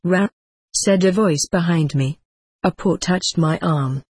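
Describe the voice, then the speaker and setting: A reader narrating a first-person story in a measured, even way. The voice is husky and slightly breathy, recorded dry and close with no room sound. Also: medium pitch, no room sound. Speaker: audiobook reader.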